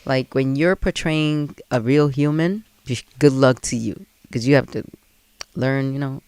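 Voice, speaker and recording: A woman's voice: very deep voice, a little slow, a little mellow, clear, resonant tone, no echo. A woman host with a New York accent, chatting bluntly and swearing freely while she interviews a guest. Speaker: podcast host. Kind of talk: casual interview chat.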